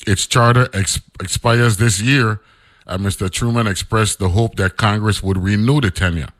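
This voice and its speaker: A man's voice: lowish voice, fairly even intonation, normal speed, a bit bright, no room sound. A man, hosting a radio show and reading an old newspaper article aloud, breaking off into loose, chatty asides.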